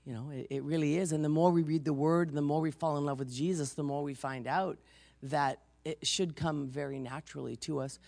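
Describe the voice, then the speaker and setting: A woman's voice: deep voice, fairly even intonation, brisk, creaky, a little mellow, dry recording. A woman pastor preaching in a loose, chatty storytelling way, full of asides. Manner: chatty storytelling, frequent "you know", laughs easily. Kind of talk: conversational sermon.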